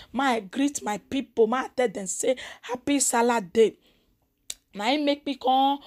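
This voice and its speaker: A Nigerian woman hosting a celebrity gossip channel, talking in a casual, animated, mocking way with sing-song repetitions. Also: sits high.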